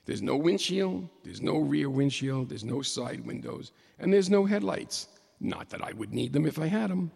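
Middle-aged guy spinning a funny story, really gravelly, kinda husky, echo of a big hall. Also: a little high, moderate pace. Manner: animated, excitable, jokey asides. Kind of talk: humorous personal storytelling to an audience.

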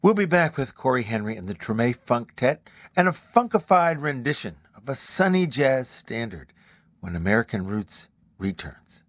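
Guy hosting a radio music show, bouncy up-and-down voice, smooth scripted links. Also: mid-range voice, very animated, moderate pace.

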